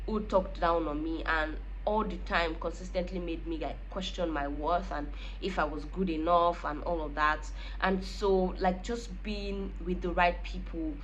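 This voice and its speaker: A woman's voice: on the low side, a little hiss or hum. A young woman talking to camera in a casual, reflective vlog, earnest and heartfelt. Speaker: vlogger.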